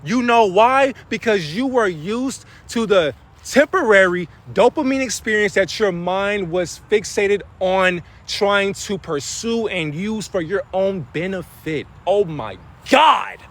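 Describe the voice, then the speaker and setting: Man, slightly high voice, streaming spiritual talk off the cuff, swears freely, slangy, builds to preachy bursts. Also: a little slow, hardly any pauses, a bit bright. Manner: loose, profane, street-slang talk.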